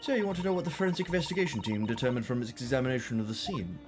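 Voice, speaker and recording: A man's voice: medium pitch, very fast, music in the background, close to an everyday voice. A streamer voicing a cold, curt woman forensic scientist in a detective game. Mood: frosty, curt. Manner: curt, frosty.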